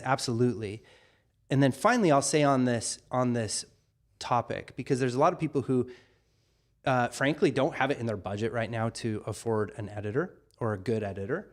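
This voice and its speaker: A man hosting a casual livestream, answering viewer questions and thinking aloud with frequent pauses. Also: medium pitch. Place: studio in North Carolina.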